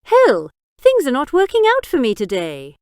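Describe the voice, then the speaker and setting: A woman reads a fat male drug boss in a storybook, a blusterer caught at gunpoint. He bursts out in high, loud yelps. The voice stays clear and dry. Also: very animated, unhurried, dry recording. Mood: flustered.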